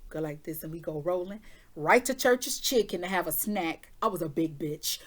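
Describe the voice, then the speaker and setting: A woman's voice: lowish voice, normal speed. A woman who does intuitive readings, telling her viewers a personal story in a candid, chatty way. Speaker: intuitive reader giving weekly forecasts.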